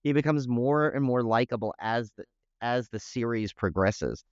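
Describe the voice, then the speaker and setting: A man rambles through a casual podcast chat, full of restarts and fillers. His voice is smooth and resonant. The recording is dry and a little dull. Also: medium pitch, normal speed, dry recording. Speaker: podcast co-host.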